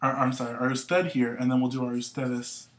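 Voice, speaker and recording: A man teaching a language lesson at a board, explaining patiently in a casual way, with fillers and quick self-corrections. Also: mid-range voice, flat delivery. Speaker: Spanish teacher.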